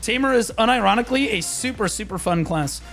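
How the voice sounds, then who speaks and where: A man's voice: high-pitched, expressive, brisk, vocal fry, over music. A young man streaming a game, ranting in a frustrated, profane, rambling way with many restarts. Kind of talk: live-stream rant.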